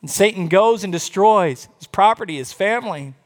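A man preaching a sermon, telling Bible stories with animated quoted voices. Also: sits high, moderate pace. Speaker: pastor. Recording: long reverb of a large hall.

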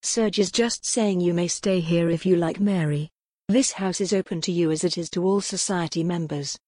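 A woman voicing a calm young man who speaks in a soothing, reassuring way in an audiobook. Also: fairly low pitch, normal speed, no echo, studio quality, lightly acted.

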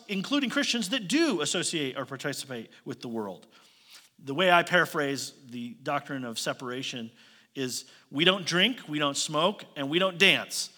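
A man preaching a sermon in a bright, forceful voice, pitched slightly above the usual male range. He talks conversationally, pressing his listeners with pointed questions and slipping in light jokes. His voice carries a long reverb from a large church hall. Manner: light joking asides. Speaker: pastor.

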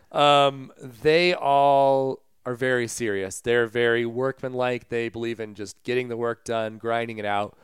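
This is a man co-hosting a sports podcast in a loose, chatty way. His voice is very clean and smooth. The sound is close and dry, with no room around it. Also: medium pitch, steady tone, measured pace, hardly any pauses, dry recording. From Colorado. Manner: conversational, retells stories with asides and fillers. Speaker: podcast co-host. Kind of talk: casual sports podcast chat.

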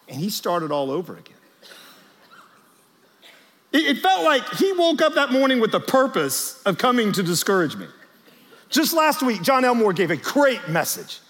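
A man's voice: high voice, moderate pace, long pauses. A man preaching a sermon to church leaders as their pastor, telling stories with energy and speaking straight to the crowd in a large church auditorium. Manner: animated storytelling, talks straight to the crowd. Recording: long reverb of a large church hall.

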